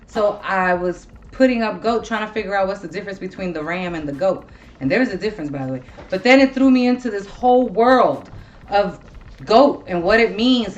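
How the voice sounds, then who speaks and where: Seorang wanita paruh baya yang mengobrol santai dan bertele-tele sebagai pembawa acara podcast, sering mengumpat dengan gaya yang hidup. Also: female voice, fairly low pitch, highs cut off. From Ohio. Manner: swears a lot, rambling and animated. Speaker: podcast host. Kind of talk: casual chat.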